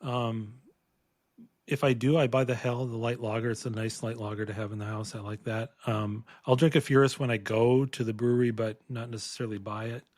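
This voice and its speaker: Relaxed man chatting over a beer. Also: medium pitch, a little fast, dry recording, studio quality. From Minnesota. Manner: relaxed, rambling with fillers and restarts. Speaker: podcast co-host. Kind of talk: casual beer-tasting chat. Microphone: podcast microphone.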